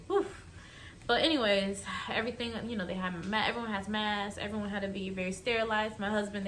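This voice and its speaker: A woman's voice: mid-range voice, fairly bright tone, a little hiss or hum. A young woman vlogging, telling a personal story in a chatty, emotional way and speaking straight to her viewers. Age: young adult. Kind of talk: casual storytelling to camera.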